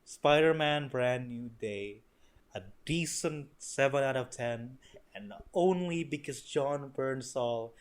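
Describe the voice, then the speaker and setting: A man's voice: mid-range voice, takes it slowly. A young man giving a casual, rambling movie review, swearing often and full of fillers and restarts. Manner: rambling, profane, sarcastic, lots of fillers and restarts.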